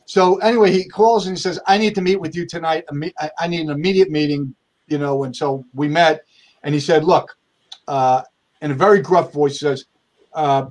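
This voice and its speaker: A man's voice: on the high side, steady tone, moderate pace, darkish tone. A man from the United States, a firm owner, telling stories in an interview, talking conversationally with many restarts and acting out quoted dialogue. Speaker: accountant and firm owner, guest. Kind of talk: storytelling interview answers.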